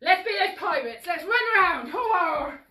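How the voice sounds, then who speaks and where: A woman's voice: very high-pitched, very animated, a little slow, bright, forceful tone. A woman leading a children's exercise class, sing-song and encouraging, moving as she talks and a bit out of breath. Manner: upbeat, sing-song and encouraging, coaxing little ones along. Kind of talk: live-streamed toddler action-song class. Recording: roomy echo, voice from a distance.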